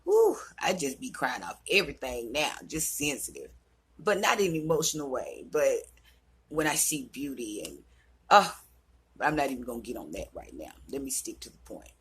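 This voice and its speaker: A woman's voice: very deep voice, big pitch swings, normal speed, a bit bright, breathy edge. A woman in her thirties talking earnestly and heartfelt in a personal vlog, sometimes dropping to a whisper. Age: 30s. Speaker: vlogger. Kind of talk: personal reflective vlog talk.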